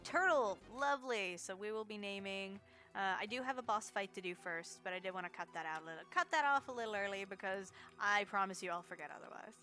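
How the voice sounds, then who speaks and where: Bright-voiced woman streaming a game. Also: mid-range voice, fast talker, faint music behind. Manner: chatty, reacts to chat, laughs often. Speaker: charity marathon streamer. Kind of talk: casual live-stream game commentary.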